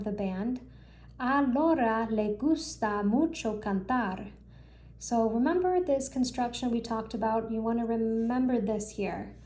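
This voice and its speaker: Female teacher, slightly high mellow voice, patient step-by-step explainer. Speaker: Spanish teacher. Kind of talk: casual tutorial explanation.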